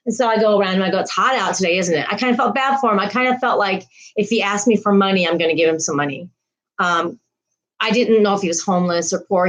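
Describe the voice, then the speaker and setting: A woman's voice: medium pitch, poor audio. A woman hosting a casual livestream, rambling through a story and greeting viewers' comments. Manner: frequent laughs and restarts. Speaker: livestream host.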